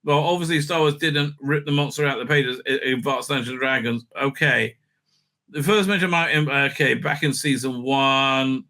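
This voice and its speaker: A man's voice: mid-range voice, normal speed, pushed and bright. A man giving a casual, rambling episode recap and review, full of fillers and crude jokes.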